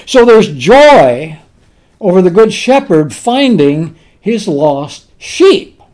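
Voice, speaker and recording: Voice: mid-range voice, big pitch swings, takes it slowly, a little mellow. A preacher delivering a sermon on a parable in a folksy, conversational way, repeating key words for emphasis.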